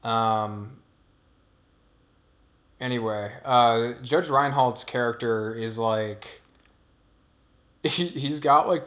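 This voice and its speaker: A man's voice: medium pitch, fairly bright tone. A man narrates his own gameplay in a loose, casual way. He wanders between thoughts and lets sentences trail off. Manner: rambling, digressive, trails off. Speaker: gameplay commentator. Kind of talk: casual commentary over gameplay.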